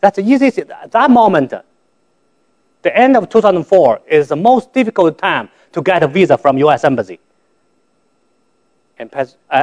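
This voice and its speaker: Male guest speaker, higher register, halting broken-English church testimony. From China. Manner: halting, repeats and restarts words, simple broken English.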